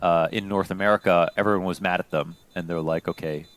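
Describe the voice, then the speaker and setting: A man giving relaxed, explanatory color commentary on a competitive shooter match. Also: low-pitched, fast talker. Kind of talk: esports analysis commentary.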